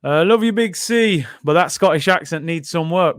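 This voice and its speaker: Guy doing a footy watchalong, slangy chatty, smooth clear voice, dry sound. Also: a little high, animated, moderate pace, fairly bright tone, dry recording. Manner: chatty, slangy, reads out viewer comments. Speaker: football watchalong host. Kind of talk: casual live-stream chat and commentary.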